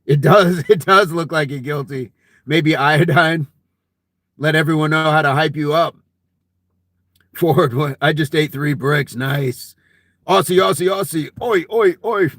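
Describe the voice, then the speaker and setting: A man's voice: a little high, fairly even intonation, a little slow, pauses often, a bit bright, no echo, studio quality. A man hosting a casual fitness live stream, reading viewer comments aloud in a jokey, friendly way and laughing often.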